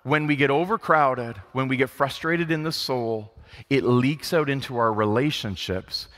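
A man preaching a sermon in a church, animated and acting out grumbling quotes. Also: medium pitch, moderate pace. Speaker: pastor. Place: church sanctuary. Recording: long hall reverb.

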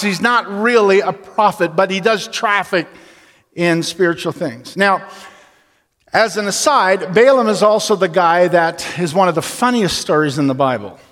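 Higher-voiced preacher in a reverberant hall. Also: male voice, a bit bright. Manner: storytelling, slows and drops low for emphasis. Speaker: pastor. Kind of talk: sermon. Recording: long reverb of a large hall.

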